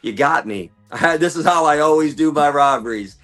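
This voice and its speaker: Animated man telling a story. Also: on the high side, moderate pace, soft background music. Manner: animated, acts out quoted voices, swears casually. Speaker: guest, animal rights activist. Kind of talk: conversational storytelling.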